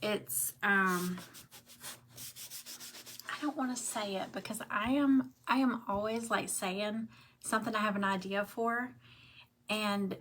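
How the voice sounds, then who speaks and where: A woman's voice: medium pitch, slow pace, long pauses, a bit bright, slight background noise. A middle-aged woman with a Southern US accent, chatting in a rambling way while she crafts live and greets viewers by name. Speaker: craft livestream host. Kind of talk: casual livestream chat while crafting.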